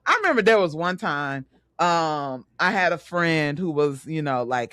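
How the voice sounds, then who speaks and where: Lively bright-voiced woman in her thirties. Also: low voice, normal speed, no room sound. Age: 30s. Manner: animated, laughs a lot, talks with repeated filler phrases. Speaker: podcast host. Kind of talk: casual chat.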